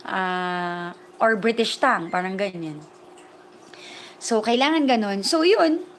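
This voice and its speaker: A woman's voice: mid-range voice, expressive, measured pace, a little hiss or hum. A woman from the Philippines with a Filipino accent, hosting a livestream chat, switching between English and Tagalog as she talks and reads viewer comments. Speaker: livestream host and language teacher.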